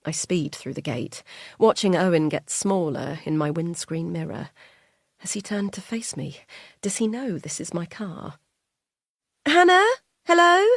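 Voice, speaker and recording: A woman reading a first-person thriller audiobook in a quiet, measured way. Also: fairly low pitch, creaky, breathy edge, dry recording, clean studio sound. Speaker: audiobook narrator.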